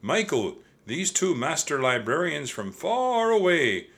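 A man doing a gentle welcoming monk. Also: fairly high pitch, very animated, slow, voice pushed up, exaggerated voice. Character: kindly adult male monk guide.

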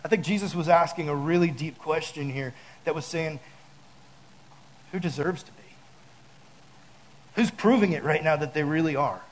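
A man with a fairly high voice gives a relaxed, chatty sermon full of fillers and asides. He acts out his own stories with loud, high bursts of mock panic. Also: moderate pace, pauses often, rough recording. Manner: talks straight to the audience with many fillers. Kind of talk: casual sermon with storytelling.

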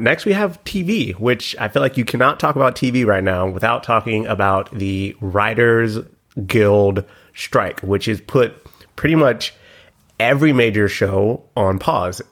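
A man's voice: fairly low pitch, a little slow, fairly bright tone. A man co-hosting a podcast in casual chat, explaining things in a loose, talkative way with lots of "like". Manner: chatty, explains things with frequent "like". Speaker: podcast co-host.

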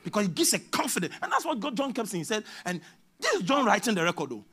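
A man with a Ghanaian English accent preaching a sermon as a prophet, moving between hushed asides and shouted exhortation. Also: high voice, very animated, quick pace, breathy edge.

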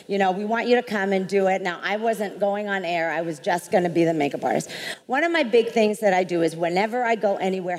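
A middle-aged woman telling a story on a live panel, animated and laughing, acting out what people said. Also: mid-range voice. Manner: animated, laughing, acts out quotes. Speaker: panel speaker. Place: large hall with audience. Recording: hall reverb, faint ambience.

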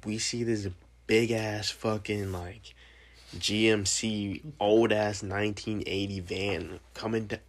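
A young man telling a story in a casual chat, animated, profane and full of slang. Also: fairly low pitch, takes it slowly.

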